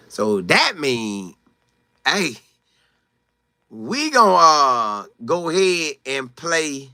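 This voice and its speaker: A bright, fairly high-voiced man hosts a live sports talk stream and answers viewers' comments one by one. His pitch swings all over as he gets worked up, repeats phrases for emphasis and acts out what others said. The sound is dry and close. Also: drawn-out words, pauses often, no room sound. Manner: animated, excitable, reads viewer names and answers them. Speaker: sports talk show host.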